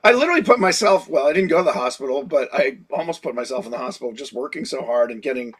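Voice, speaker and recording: A man in his sixties, a guest in a casual interview, telling animated stories and laughing often. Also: medium pitch, very fast, breathy edge. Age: 60s. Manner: animated storyteller who laughs often and acts out quotes. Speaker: guest creature designer.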